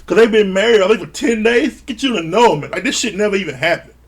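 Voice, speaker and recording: A man's voice: sits high, quick pace, slightly rough. A man recapping a reality show in a casual, blunt and profane way, sounding exasperated. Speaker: show reviewer.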